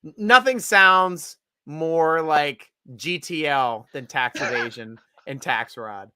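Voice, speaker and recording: A man's voice: on the high side, slow, pushed and bright, smooth, dry recording. A man hosting a casual sports draft show, joking and rambling, laughing often. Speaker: podcast host.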